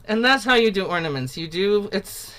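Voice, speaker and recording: A singing teacher runs an online workshop, talking through the song in a loose, chatty, informal way with many fillers, often pausing to sing short example phrases. Her medium-pitched voice is bright and clear through a video-call mic, with lively intonation at normal speed.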